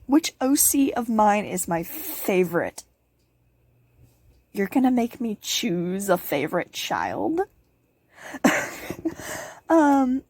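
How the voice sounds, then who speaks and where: A teenage girl hosts a casual Q&A vlog for her channel, bubbly and giggly, rambling along with playful asides. Her mid-range voice has a darkish tone, and the recording is dry.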